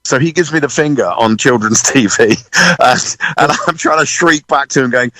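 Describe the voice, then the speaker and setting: A British man, a drummer, telling a lively story in a radio interview, swearing freely and acting out other people's voices. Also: mid-range voice, moderate pace, no echo, poor audio. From United Kingdom. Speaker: guest drummer.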